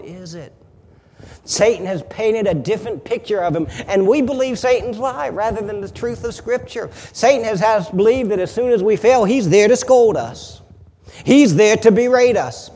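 High-voiced preacher in a reverberant hall. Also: male voice. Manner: emphatic preaching, swelling louder on repeated phrases. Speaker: pastor. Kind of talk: sermon.

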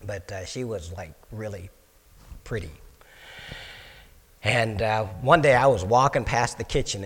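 A man's voice: on the low side, a bit bright, slightly rough, big-room sound. A man telling his personal testimony in a folksy way, repeating and restarting words and acting out the dialogue in his story. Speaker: speaker giving his testimony.

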